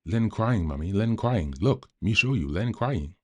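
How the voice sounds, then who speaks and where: A man's voice: on the low side, expressive, a little slow, fairly bright tone, pitched above the performer's own voice. A man voicing a small toddler boy who pleads with his crying brother in simple broken speech. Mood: pleading.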